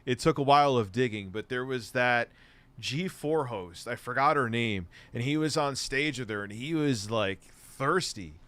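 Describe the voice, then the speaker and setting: A man's voice: medium pitch, lively intonation, moderate pace, fairly bright tone. A man in his forties hosting, talking in rambling, crude jokes with stammering restarts. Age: 40s. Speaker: show host. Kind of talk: casual chat.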